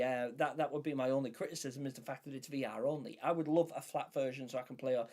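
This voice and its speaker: A man's voice: fairly high pitch, darkish tone. A man hosting a live stream, chatting casually and enthusiastically while answering viewers in the chat. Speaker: livestream host.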